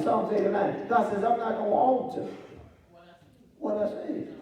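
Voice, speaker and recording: A man with a high, mellow voice preaches slowly, pausing to throw rhetorical questions at his congregation. He sounds distant, caught in a big echoing church. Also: steady tone. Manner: rhetorical, asks the congregation "huh?". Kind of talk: sermon. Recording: echoey church from far off.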